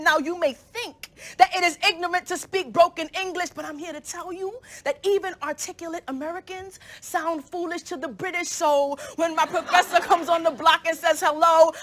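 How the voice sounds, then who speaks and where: A young woman performs spoken word poetry in a very high, bright voice. She delivers her lines with rhythm and rhyme, pressing hard on key words. It sounds like a student poet on stage. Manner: rhythmic, rhyming, emphatic delivery.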